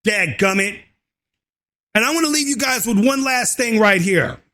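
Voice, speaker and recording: A man vlogging a fiery, crude political rant, often shouting and tacking "and so forth" onto his lines. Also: sits high, lively intonation, normal speed. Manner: crude slang and cursing. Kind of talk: ranting political commentary.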